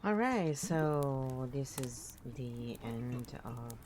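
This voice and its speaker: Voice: mid-range voice, expressive, very slow, a little mellow. A live streamer sounding tired, chatting casually and rambling with many fillers.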